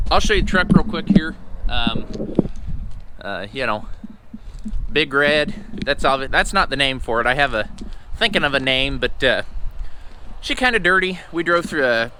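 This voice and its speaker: Over some background noise, a man with a medium-pitched voice speaks at a moderate pace with big pitch swings. He owns and drives his own truck, and his vlog from in and around the parked semi is rambling, loose and chatty.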